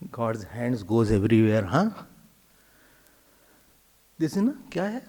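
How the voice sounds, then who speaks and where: A man telling a sacred story as a spiritual teacher, acting out its scenes in an animated way. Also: mid-range voice, unhurried, long pauses. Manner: animated, acts out the story, loose grammar. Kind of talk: storytelling sermon.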